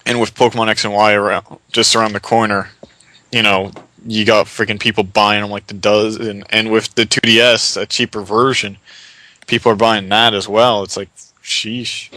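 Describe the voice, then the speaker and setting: Male podcast host, opinionated, casual, forceful bright delivery. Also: on the low side, level tone, dry recording, low-quality recording. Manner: opinionated, quick restarts. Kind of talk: casual gaming podcast chat.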